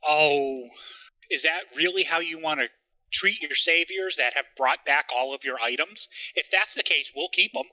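Bright-voiced man playing a tabletop game. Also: on the high side, normal speed, poor audio. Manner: formal, negotiating in character. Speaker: player. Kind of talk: in-character tabletop play.

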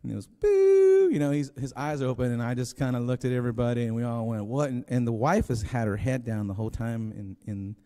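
A man's voice: medium pitch, steady tone, quick pace, hardly any pauses, warm tone. A man preaching a sermon as pastor, telling a story in a rambling, conversational way with many restarts. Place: church sanctuary. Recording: long hall reverb.

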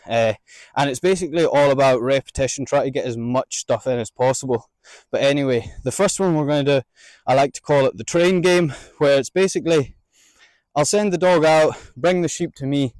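A man training a sheepdog outdoors, explaining each step and calling out drawn-out commands to his dog between explanations. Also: medium pitch, darkish tone, no room sound. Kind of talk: outdoor instructional demonstration.

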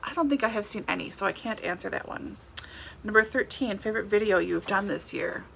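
Chatty woman with a gravelly edge. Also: mid-range voice, brisk, sharp tone, a little hiss or hum. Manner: chatty, laughs often, self-correcting. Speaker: book vlogger. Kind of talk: casual book tag chat.

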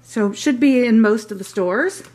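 A woman's voice: on the high side, normal speed, a little mellow. Middle-aged lady vlogging her haul, chatty, gushes over everything, rambles a bit. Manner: chatty and gushing, rambling asides. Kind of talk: casual show-and-tell vlog.

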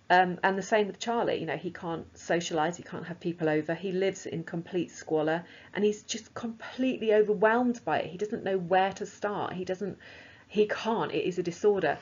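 A woman's voice: lowish voice, darkish tone, husky. A woman teacher explaining a lesson in a casual, chatty way, with frequent fillers. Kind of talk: recorded lesson. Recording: slightly dull lo-fi sound.

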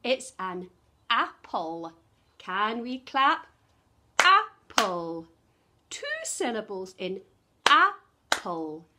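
A woman's voice: medium pitch, animated, takes it slowly, noisy background. A woman leading a sing-song early years lesson, gasping and dropping to whispers for suspense before clapping out syllables with the children.

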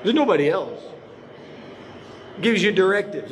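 A man's voice: high-pitched, very animated, brisk, fairly bright tone, slight background noise. A male pastor preaching a sermon in a church, emphatic, firing rhetorical questions at his congregation. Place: church sanctuary. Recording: reverberant church hall.

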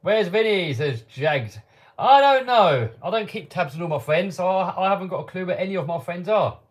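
A man's voice: high voice, a little fast. A man hosting a casual live-stream Q&A from his home workshop, reading out viewer questions and answering offhand with the odd chuckle. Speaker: channel host answering live chat.

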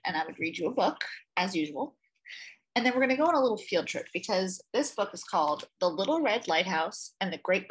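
A woman hosting storytime, reading a picture book aloud to children in an expressive, gentle way. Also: mid-range voice, slightly rough. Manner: gentle, expressive reading with lively voices for sounds.

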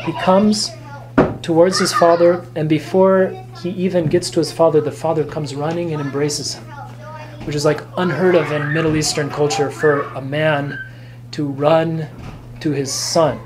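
A man, a priest teaching a catechism class, explaining gently and earnestly with fillers and restarts. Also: fairly high pitch, fairly even intonation, normal speed, noisy background. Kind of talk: catechism lecture. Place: church classroom.

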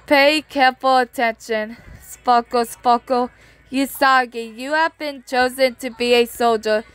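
An earnest talking cat gives firm instructions to a young heroine, played by a woman reading a manga aloud. The voice is high and unhurried. Soft music hums in the background. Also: fairly even intonation, clean tone. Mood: instructive. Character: Luna, talking cat mentor, bossy and earnest.

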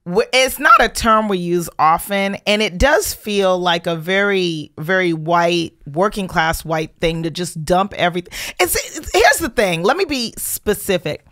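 Animated woman comedian with a New York accent. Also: lowish voice, measured pace, hardly any pauses, no room sound, clean studio sound. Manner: animated, acts out other people's voices in her stories. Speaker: guest comedian. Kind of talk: casual comedic podcast banter.

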